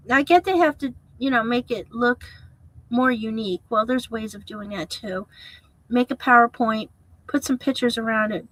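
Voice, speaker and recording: A woman's voice: on the high side, fairly bright tone, no echo, rough recording. A woman streamer ranting in a casual, profane, exasperated way to her viewers, then apologizing. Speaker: streamer reacting to a video.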